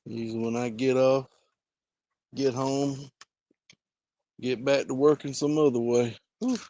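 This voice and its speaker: A man's voice: mid-range voice, fairly even intonation, measured pace, dark tone. A man, a kennel owner chatting easygoing on a casual vlog while calling to his dogs in an outdoor yard.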